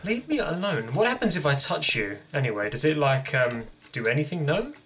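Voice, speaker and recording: Bright-voiced young man, jumpy game commentary. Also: fairly high pitch, very animated, fairly quick, a little hiss or hum. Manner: jumpy, jokey, talking to himself. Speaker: gaming video host. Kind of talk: horror game let's play commentary.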